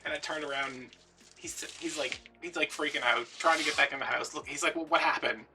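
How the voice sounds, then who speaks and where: A young man who hosts a craft video and tells a rambling story in casual chat, putting on higher voices for the people he quotes. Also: steady tone, fairly quick, vocal fry, recorded from a distance, over music.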